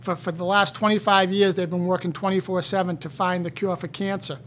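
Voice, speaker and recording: A man in casual conversation, telling stories in an animated way. He often repeats words and gets louder as he goes. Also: high voice, fairly quick, slight background noise.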